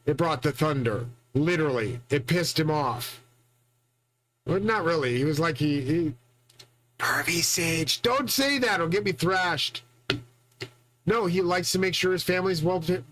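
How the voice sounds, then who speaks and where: A man's voice: high-pitched, a bit bright, low-quality recording. A man hosting his own channel, talking in a boastful, profane, rambling solo monologue full of restarts. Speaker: channel host.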